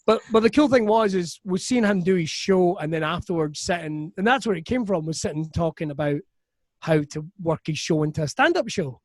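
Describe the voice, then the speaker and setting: Give me a Scottish man telling a profane, animated anecdote in a dry, close sound. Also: high voice, brisk, dry recording. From Scotland. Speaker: comedian guest. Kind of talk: casual storytelling chat.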